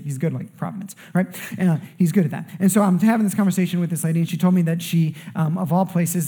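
A man, a pastor, preaching a sermon and telling stories to his church, often checking in with "okay?" and "right?". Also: fairly high pitch. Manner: storytelling with rising excitement and frequent "okay?" asides. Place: church service.

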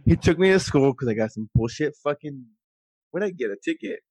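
A young man co-hosting a podcast, tipsy and slurring, bantering loudly with laughs and swearing. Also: medium pitch, lively intonation, a little fast, a crowd in the background. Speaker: podcast co-host. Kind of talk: casual chat.

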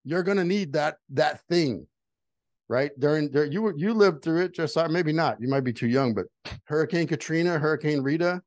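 A man's voice: on the high side, normal speed, darkish tone, no room sound. Man, middle-aged, earnest storyteller, casual chat, dry mic. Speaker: guest.

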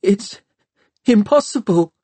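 A man voicing a timid, frightened young man in an audiobook, whimpering in a high, panicky voice. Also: very animated, takes it slowly, warm tone, no echo, exaggerated voice. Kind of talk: audiobook character voice.

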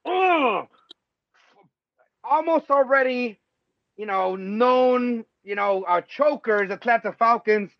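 A man with a high voice hosts a casual sports podcast, loose and excitable, swearing freely and laughing often. The sound is dry and a little dull, like a home lo-fi recording. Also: slow pace, long pauses, no room sound. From Mexico. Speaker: podcast host.

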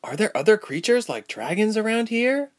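A man voicing a curious young woman traveler who asks soft, thoughtful questions in a storybook. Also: high-pitched, very animated, normal speed, pitched above the performer's own voice.

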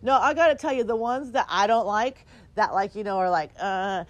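A woman's voice: mid-range voice, normal speed. A woman co-hosting a casual talk show, chatty and rambling, often laughing. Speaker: podcast co-host. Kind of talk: casual chat.

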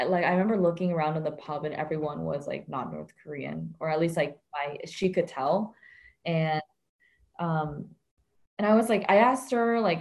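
A woman speaking as a guest in a relaxed interview, chatty and reflective. Her voice sits a little low, and she fills her pauses with lots of ums and likes. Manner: chatty, many fillers, reflective. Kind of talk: casual conversational interview.

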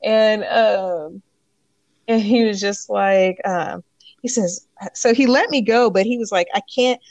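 Young woman, podcast co-host, casual storyteller, mid-pitched, dry close sound. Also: takes it slowly, dry recording. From California. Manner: storytelling, animated quoted asides. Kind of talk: casual chat.

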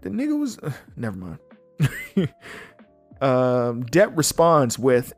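A young man hosting a casual solo podcast, blunt and animated, swearing freely as he comments. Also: medium pitch, unhurried, no room sound, faint music behind. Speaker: podcast host.

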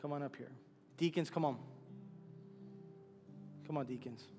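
A man's voice: a little high, a little slow, mellow, big-room sound, soft background music. A man, the church's pastor, praying earnestly and then honoring a departing member, fighting back tears. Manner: earnest, emotional, repeats phrases. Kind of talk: sermon prayer and farewell tribute. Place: church sanctuary.

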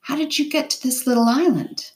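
A woman voicing a gruff but kindly male navy captain, read aloud from a storybook in a brisk, commanding manner. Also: high voice, voice pushed up, lightly acted.

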